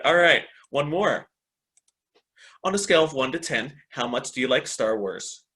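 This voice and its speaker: A man's voice: medium pitch, expressive, moderate pace, pushed and bright. A man presenting a teacher training webinar over a video call, upbeat and encouraging, often repeating "excellent" and checking in with "right?". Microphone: computer mic on a video call.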